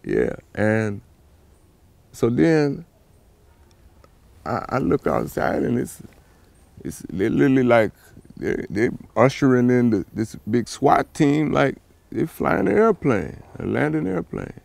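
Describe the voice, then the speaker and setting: A man's voice: mid-range voice, takes it slowly, vocal fry, pauses often, no echo. A father telling his own story in an interview, acting out past dialogue with animation. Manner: animated, acts out dialogue in a raised voice. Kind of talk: personal account.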